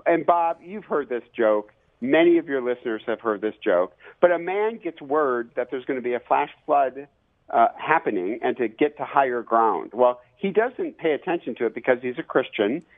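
Animated man telling stories over a phone line. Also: mid-range voice. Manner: lively, animated storyteller with fillers. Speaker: author and professor. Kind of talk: radio interview, storytelling.

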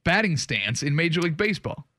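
A radio co-host with a fairly high, lively voice that rises and dips constantly. He jokes, teases and booms out greetings in casual banter. The studio sound is dry and close. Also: fast, no echo. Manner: animated, joking, booming greetings. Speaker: radio sports show co-host.

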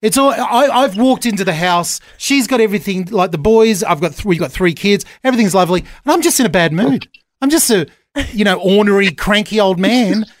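A middle-aged man with an Australian accent hosts a radio interview, talking in a bright, lively, laughing way. His voice sits fairly high for a man and sounds close and dry. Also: brisk, dry recording. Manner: lively, laughing, animated storytelling. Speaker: radio host. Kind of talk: warm radio interview chat.

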